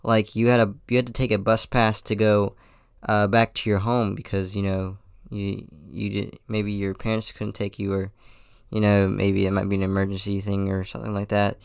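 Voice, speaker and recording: Low, smooth-voiced teenage guy rambling. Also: completely flat delivery, moderate pace, no echo, clean studio sound. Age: teens. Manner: rambling and hesitant, with many restarts and apologies. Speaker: podcast host. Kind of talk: casual solo podcast monologue.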